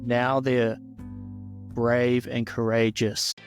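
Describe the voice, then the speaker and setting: A man with a New Zealand accent, a guest on a podcast, talking in an earnest, measured way. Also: mid-range voice, level tone, soft background music. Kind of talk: casual podcast chat.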